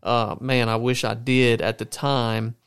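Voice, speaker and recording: A man hosts a laid-back conversation, talking in loose, rambling sentences. His mid-pitched voice sounds clear and smooth. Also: a little slow. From Louisiana. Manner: relaxed, rambling, many fillers. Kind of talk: casual conversation.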